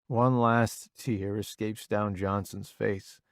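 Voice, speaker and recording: A man narrating a first-person audiobook in a slow, dramatic way. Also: lowish voice, fairly even intonation, dry recording, studio quality.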